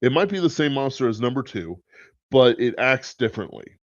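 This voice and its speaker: A man's voice: medium pitch, big pitch swings, a little fast, no echo. A man hosting a podcast, thinking aloud in casual, rambling commentary and swearing now and then. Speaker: podcast host. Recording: dull lo-fi sound, dry.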